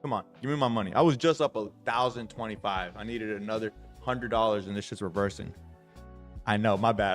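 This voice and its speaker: A man's voice: fairly low pitch, a little fast, soft background music. Brash, swearing man hyping a livestream. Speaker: trading livestream host. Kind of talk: excitable livestream chat.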